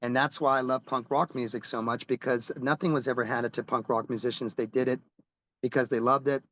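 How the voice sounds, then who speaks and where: A man's voice: mid-range voice, steady tone, fairly quick, fairly bright tone, muffled recording. A middle-aged man, a rock musician, telling stories in a casual interview, rambling and restarting as he goes and swearing casually.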